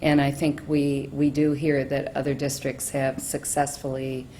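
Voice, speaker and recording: Woman, very low voice, earnest public comment, faint rumble behind. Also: level tone, unhurried, dark tone. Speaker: public speaker at meeting. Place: school board meeting room.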